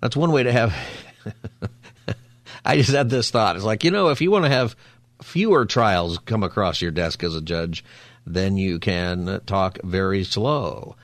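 A man hosting a radio talk show, chatting quickly and casually with jokey asides into a studio microphone. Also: lowish voice, big pitch swings, dry recording.

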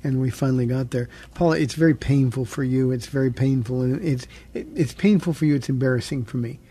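A middle-aged man who is a pastor hosting a call-in radio show, taking calls and reflecting in a relaxed way. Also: mid-range voice, fairly quick, breathy edge.

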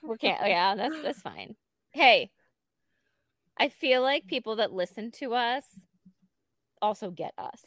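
A woman's voice: a little high, very animated, a little slow, pauses often, fairly bright tone, no echo, clean studio sound. A woman co-hosting a casual podcast chat among friends, chiming in with wry, teasing remarks. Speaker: podcast co-host.

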